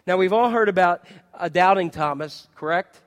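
High voiced pastor guy preaching, lively, lots of questions to the crowd, long echo in a big hall. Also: normal speed. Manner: animated, acts out quotes and asks the congregation questions. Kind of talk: sermon.

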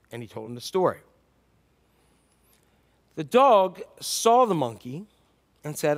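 A man's voice: a little high, animated, unhurried, pauses often. A male pastor telling stories in a sermon, acting out the animals in the tale. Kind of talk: sermon storytelling.

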